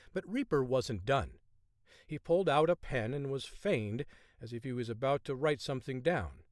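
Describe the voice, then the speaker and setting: Male audiobook narrator, measured and expressive, dry close recording. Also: medium pitch, dry recording.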